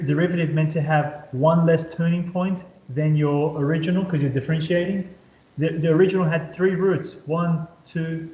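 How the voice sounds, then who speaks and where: A man with a slightly high voice, teaching a maths class in an upbeat way. He keeps checking in with the students, and his voice rings around a bare, echoey room. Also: darkish tone, dull audio. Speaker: maths tutor. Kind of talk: whiteboard maths lesson.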